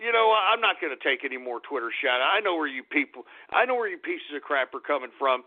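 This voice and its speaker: A man hosting a radio show, ranting angrily and yelling insults at his listeners. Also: fairly high pitch, sing-song, fast talker. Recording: tinny phone-line sound.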